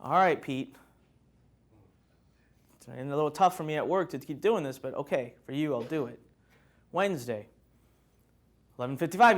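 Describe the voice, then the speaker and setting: High-pitched guy at a live workshop, animated motivational talk, acts stuff out and jokes around. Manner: animated storytelling, acts out scenes, jokes with the audience. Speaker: motivational speaker.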